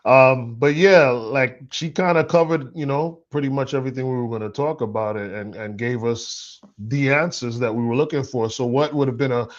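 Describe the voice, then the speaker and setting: A laid-back man from Queens, New York co-hosts a casual podcast chat, stretching out his thoughts and filling gaps with "you know." His voice sits at an average pitch. The recording is slightly dull and lo-fi. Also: moderate pace, few pauses. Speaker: podcast co-host.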